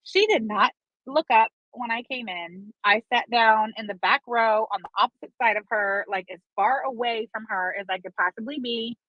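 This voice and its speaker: A woman's voice: on the high side, normal speed, no echo. A woman telling a long gossipy story in a casual, dramatic and profane way, dragging out her fillers. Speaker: online commentator. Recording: dull lo-fi sound, dry.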